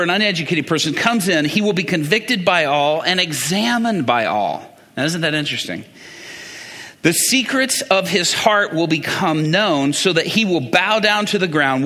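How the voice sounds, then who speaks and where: A man's voice: fairly high pitch, pushed and bright, long reverb tail. A man preaching a conversational sermon, quizzing the congregation as he works through Bible passages.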